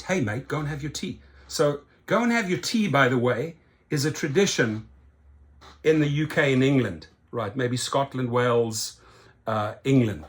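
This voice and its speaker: A man's voice: medium pitch, fairly bright tone. A man from South Africa hosting a rideshare channel, giving emphatic opinion commentary and often tagging his points with "right?".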